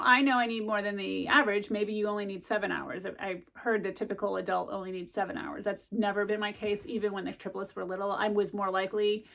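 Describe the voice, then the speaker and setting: A woman's voice: medium pitch, gravelly, fairly bright tone. A middle-aged woman chatting casually to camera as a vlogger, rambling with lots of ums and likes as she gives study tips.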